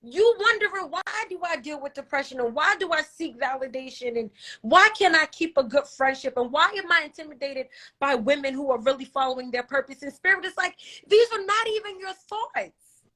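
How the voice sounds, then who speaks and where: A woman's voice: high voice, animated, a little fast, sharp tone. A woman who calls herself a healer, in a candid podcast conversation, telling an emotional story vividly and acting out her inner dialogue.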